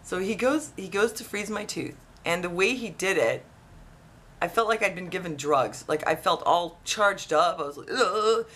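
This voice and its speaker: A woman casually telling a personal story, rambling and animated with lots of restarts. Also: on the low side, normal speed. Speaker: vlogger.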